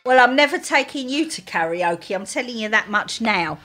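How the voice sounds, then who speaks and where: A woman co-hosting a casual chat, trading quick, teasing banter. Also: on the high side, lively intonation, sharp tone, faint music behind. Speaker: co-host.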